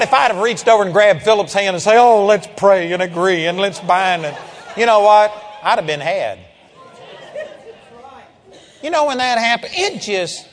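A man preaching, telling a story in an animated, emphatic way and calling out amen. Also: sits high, big-room sound. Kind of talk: storytelling sermon.

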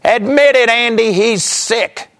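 A man voicing his sarcastic, doubting mother, raising his voice high and loud to taunt. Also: slow pace, full character voice.

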